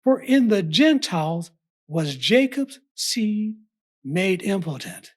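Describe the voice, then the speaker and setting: A woman delivering a scripted Bible study sermon in a measured, emphatic, formal way. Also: mid-range voice, very animated, darkish tone. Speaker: preacher.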